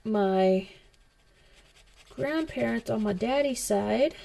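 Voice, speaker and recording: A woman's voice: fairly high pitch, lively intonation, slow pace, vocal fry, warm tone. A woman hosting a coloring video, telling a rambling, chatty story in casual talk. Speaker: coloring channel host. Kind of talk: casual chat while coloring.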